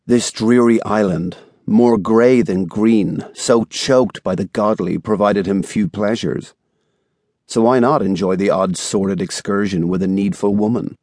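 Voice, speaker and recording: A man reading a thriller audiobook in a measured, even storytelling style, recorded on a studio microphone. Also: on the low side, dry recording. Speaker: audiobook narrator. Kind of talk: scripted narration.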